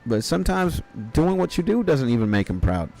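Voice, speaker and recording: A man's voice: fairly high pitch, sing-song, fairly quick, vocal fry, darkish tone. A man in his thirties chatting casually while streaming a game. He rambles, swears freely and drifts into half-joking life philosophy. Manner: rambling, profane, mock-philosophical. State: hungry after an early start. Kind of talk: casual chat while gaming.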